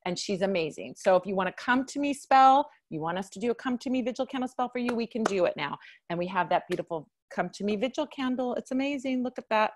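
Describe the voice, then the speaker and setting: A woman's voice: fairly high pitch, expressive, fast talker, hardly any pauses. A woman hosting a live video call chat, bubbly, laughing often and talking in bursts. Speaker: host.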